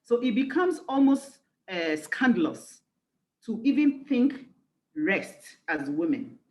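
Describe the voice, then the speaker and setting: A woman's voice: medium pitch, big pitch swings, slow, a little mellow, roomy sound, poor audio. A woman life coach giving a conference talk, earnest and reflective, leaning on key phrases. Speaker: executive life coach and speaker.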